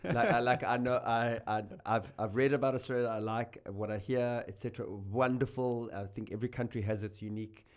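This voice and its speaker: A man with a South African accent, a guest comedian chatting on a podcast. He is animated and jokey, often restarting his sentences. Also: medium pitch, a little fast, hardly any pauses. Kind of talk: casual podcast chat.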